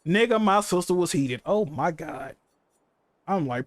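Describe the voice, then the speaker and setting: A man, chatting casually on a game livestream, telling animated, profane stories full of slang. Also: sits high, brisk, dry recording. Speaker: game streamer.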